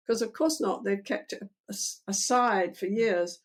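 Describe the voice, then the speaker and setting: Older woman therapist, animated storyteller. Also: mid-range voice, a little slow, few pauses. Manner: animated, acts out client and therapist dialogue. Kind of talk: explaining therapy in an interview.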